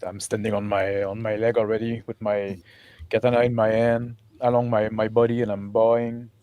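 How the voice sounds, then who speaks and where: A man playing in a tabletop game, describing his character's actions in a steady way. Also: on the low side, normal speed, dry recording. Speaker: player. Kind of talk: in-character roleplay.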